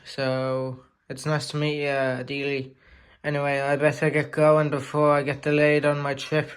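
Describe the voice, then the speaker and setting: A man plays a forgetful male steam engine with pirate talk and a rambling, self-correcting way of speaking. The voice is somewhat high and drops softer as he trails on, like a homemade storybook tale. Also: monotone, normal speed, clear, resonant tone, close to an everyday voice.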